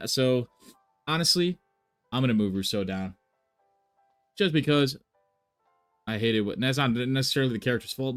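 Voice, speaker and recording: A man chatting casually on a live stream, thinking aloud with many fillers and restarts. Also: lowish voice. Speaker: reaction streamer.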